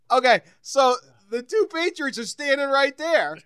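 A man co-hosting a sports podcast, telling lively stories in casual chat and laughing often. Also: very high-pitched, a little slow, no echo, clean studio sound. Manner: animated storyteller, laughs often.

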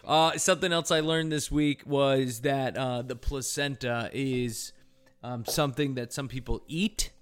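A man's voice: mid-range voice, fairly even intonation, a little slow, a little hiss or hum. A young man co-hosting a podcast in casual chat, joking, swearing and laughing often. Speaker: podcast co-host.

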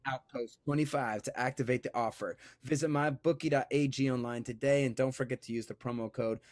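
A man's voice: medium pitch, fairly even intonation, brisk, no echo, clean studio sound. Joking, rambling male podcast host. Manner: joking, rambling, self-interrupting. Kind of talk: casual sports podcast chat and ad read.

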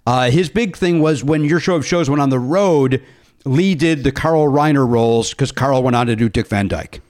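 A man hosting a podcast, telling stories in an excitable, animated way and laughing often. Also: medium pitch, normal speed. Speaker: podcast host. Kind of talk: casual chat.

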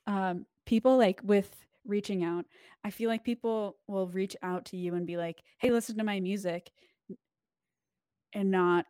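A woman's voice: medium pitch, steady tone, normal speed, mellow, clean tone, no echo, clean studio sound. A young woman who is a podcast guest, chatting casually with lots of "like" and "um". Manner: chatty, filler-heavy, with laughing asides. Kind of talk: casual chat.

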